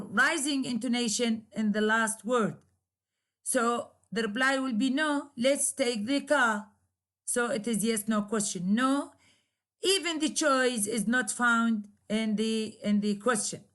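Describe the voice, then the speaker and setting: A woman's voice: a little high, fairly bright tone. A woman lecturer whose first language is Arabic, explaining English intonation in a recorded class, repeating herself and using many fillers while acting out example questions.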